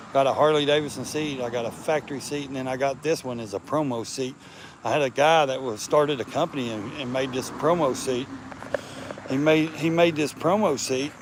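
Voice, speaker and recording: A man's voice: medium pitch, slight background noise. A man chatting casually outdoors, rambling and crude, breaking into baby-talk for the cats around him. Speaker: vlogger.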